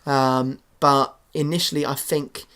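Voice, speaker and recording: A man's voice: medium pitch, level tone, measured pace, a bit bright. Young guy chatting through his football career mode, lots of ums and restarts. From England. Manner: rambling, hesitant, many fillers and restarts. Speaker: gaming YouTuber. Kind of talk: casual game commentary.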